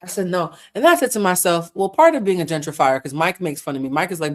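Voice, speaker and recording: A woman's voice: on the low side, lively intonation, fast talker, few pauses. Chatty woman laughing through a livestream. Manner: chatty, laughs often, swears casually. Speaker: host. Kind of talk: casual livestream chat.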